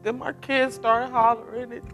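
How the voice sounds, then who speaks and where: A woman's voice: fairly high pitch, flat delivery, moderate pace, fairly bright tone, faint music behind. A middle-aged woman, a bereaved mother giving an emotional personal testimony, tearful, her voice rising as she tells it.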